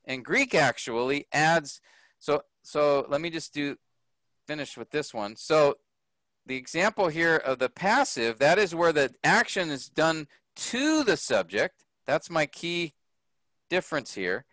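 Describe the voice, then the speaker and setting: A male teacher explaining grammar in a slow, unhurried way. His pitch rises and falls a lot, sitting a bit high for a man. The room sounds dry and close. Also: very animated, fairly bright tone, dry recording. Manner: slow, patient, checks understanding often. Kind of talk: classroom grammar lesson. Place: workshop room.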